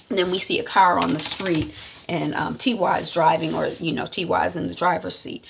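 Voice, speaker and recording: A woman's voice: on the low side, little pitch movement, brisk, creaky, noisy background. A woman chattily recapping an episode of a series, acting out the characters as she goes. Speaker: series reviewer. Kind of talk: casual recap of a show.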